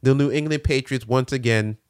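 A man co-hosting a casual sports chat, loud and animated, joking around and swearing freely. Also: medium pitch, fairly quick, smooth, dry recording, clean studio sound. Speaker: sports podcast co-host.

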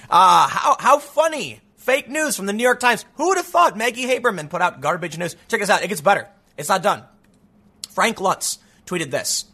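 High, lively, incredulous male commentator. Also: moderate pace. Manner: incredulous, sarcastic, talks while reading articles aloud. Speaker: commentator hosting his own channel. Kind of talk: political commentary monologue.

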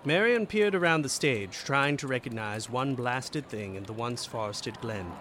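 A man narrating an audiobook story in a dramatic, expressive way. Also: medium pitch, moderate pace, a little hiss or hum.

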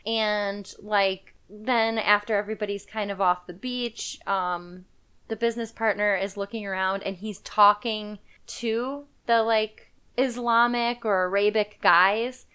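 A woman with a medium pitch and fairly even intonation, her tone pushed, bright, clear and resonant, takes her time retelling a movie plot on a podcast in a loose, chatty way full of fillers and laughter.

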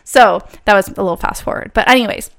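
Young woman, casual storytelling, smooth clear voice, chatty with lots of fillers, mid pitch. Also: quick pace, fairly bright tone. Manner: chatty, many "like" fillers, laughs often. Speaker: vlogger.

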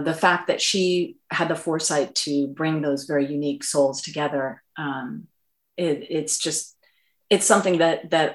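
Low-voiced woman, earnest and halting. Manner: earnest, halting, many fillers and restarts. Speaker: voice actress answering fan questions. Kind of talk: reflective interview answers. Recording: roomy echo.

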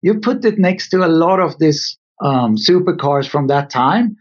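A man's voice: fairly high pitch, animated, measured pace. A middle-aged man with a Scandinavian accent, thoughtfully answering interview questions with some hesitations. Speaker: guest, car designer. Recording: dull lo-fi audio.

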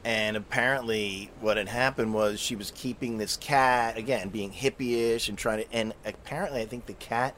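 A man's voice: fairly low pitch, fairly even intonation, moderate pace, few pauses, fairly bright tone, a little hiss or hum. A man in casual chat recalling and correcting a shared story with a friend. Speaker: friend and former roommate.

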